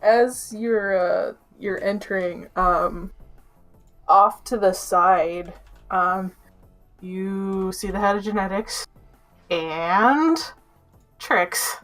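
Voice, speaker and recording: A woman narrating a tabletop game as game master, with many pauses and ums. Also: medium pitch, a bit bright, faint music behind. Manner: hesitant, lots of ums.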